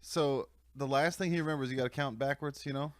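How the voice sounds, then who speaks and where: A man's voice: medium pitch, steady tone, a little fast, no room sound, studio quality. A man co-hosting a podcast, bantering and cracking jokes in casual chat. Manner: joking, throws in silly voices and asides. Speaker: podcast co-host.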